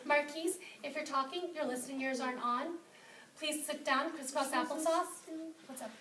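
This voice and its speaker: A woman teacher leading a morning meeting in a classroom, speaking gently and patiently and praising children by name. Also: high voice, normal speed. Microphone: far camera. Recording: roomy, distant with background noise.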